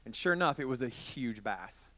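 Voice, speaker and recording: A man preaching to a youth group, telling a long story in a chatty, animated way and acting out the scenes as he goes. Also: medium pitch, moderate pace. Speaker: youth pastor.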